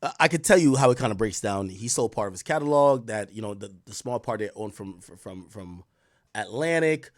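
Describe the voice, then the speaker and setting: A man hosting a live stream, telling a story in a profane, excitable way that swings from loud outbursts to low mutters. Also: normal speed, no echo, clean studio sound. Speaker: streamer host.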